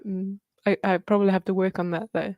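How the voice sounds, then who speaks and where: A woman's voice: mid-range voice, little pitch movement, a little fast, dry recording, muffled recording. A woman in her thirties hosting a casual live Q&A, chatty and upbeat, laughing often and swearing casually. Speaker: livestream host answering viewer questions.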